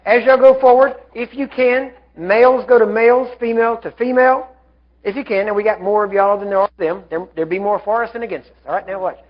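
Male preacher, high voice, fervent commanding delivery, muffled lo-fi live recording. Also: steady tone, quick pace. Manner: fervent, commanding, rising to shouts. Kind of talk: sermon.

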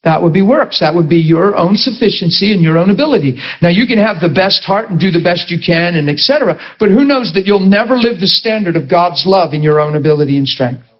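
A middle-aged pastor preaches in a chatty, animated way, mixing humorous stories with rhetorical questions to his listeners. His voice sits high for a man. The recording sounds dull and lo-fi. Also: brisk, few pauses.

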